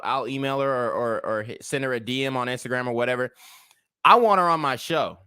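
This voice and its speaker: A man's voice: medium pitch, sharp tone, clear, resonant tone, no room sound, clean studio sound. Heated, profane young man. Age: young adult. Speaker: commentary channel host. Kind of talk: livestream commentary.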